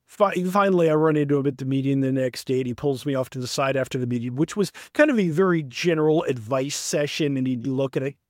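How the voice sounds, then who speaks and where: A man telling a long anecdote as a podcast guest, acting out the people he quotes in an animated way. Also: mid-range voice, fast, hardly any pauses, dry recording, clean studio sound. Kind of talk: anecdotal storytelling.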